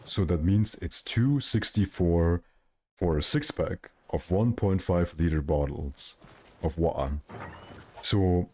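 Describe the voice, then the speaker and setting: A man's voice: sits low, takes it slowly, a little mellow. A man from Germany, chatting casually on a game livestream in a rambling, jokey way and often correcting himself. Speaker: game streamer.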